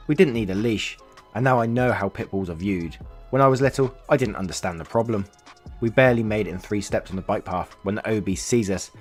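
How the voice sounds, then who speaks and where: Low-voiced man reading a story. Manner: rambling, self-interrupting asides. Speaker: story channel narrator. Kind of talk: reading a story aloud, then chatty commentary.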